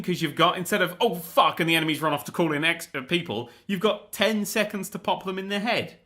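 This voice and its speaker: A young man hosting a gaming show, ranting in a casual, animated, sweary, exasperated way. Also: high-pitched. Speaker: gaming host. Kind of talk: casual rant about a video game.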